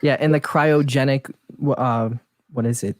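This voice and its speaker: A man's voice: medium pitch, steady tone, moderate pace, no room sound, clean studio sound. A man co-hosting a podcast who questions things in casual chat and laughs often. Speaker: podcast co-host.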